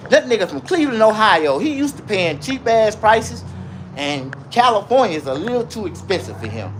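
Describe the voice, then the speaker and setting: Man, AAVE, livestream rant, lively swooping pitch, noise behind. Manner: loud animated ranting with profanity, then calmer asides. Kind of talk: ranting live commentary.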